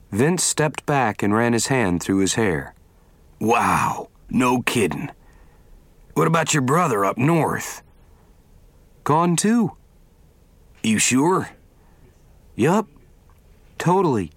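A man narrating an audiobook, reading dialogue aloud and shifting his pitch for the characters. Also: dry recording.

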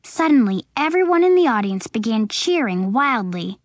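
A woman reading a children's storybook aloud, slow and expressive, putting on voices for the characters. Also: on the high side, dry recording, studio quality. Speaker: audiobook narrator. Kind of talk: storybook narration.

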